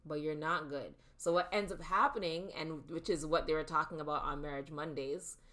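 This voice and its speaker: A fairly low-voiced woman in her thirties, chatting casually as a co-host. She talks with animation and slips into voices to act out both sides of an argument. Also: fairly even intonation, normal speed, a bit bright. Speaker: podcast co-host. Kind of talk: casual couples chat.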